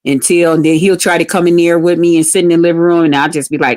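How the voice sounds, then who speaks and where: Speaking fast in a low, darkish, steady voice, a livestream host shares a personal story with her viewers. She's candid and profane, cursing freely in casual talk and speaking straight to the audience.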